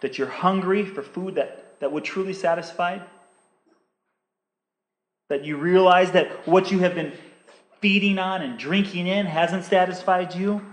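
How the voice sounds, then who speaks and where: Male preacher, earnest and repetitive, high-pitched, roomy church sound. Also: a little slow, long pauses. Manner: earnest, repetitive appeals with many restarts. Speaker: pastor. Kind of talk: sermon.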